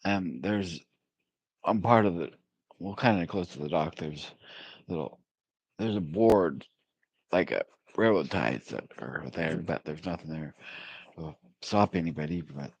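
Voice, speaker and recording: A man telling a personal faith story in a rambling, halting way, with many fillers and little chuckles. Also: low-pitched, slightly rough, dry recording, muffled recording.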